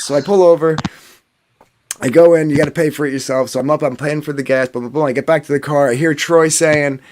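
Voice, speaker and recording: A man's voice: fairly high pitch, slight background noise. A man casually telling a story on a podcast panel, swearing and acting out what people said. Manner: animated, swearing, acts out quotes.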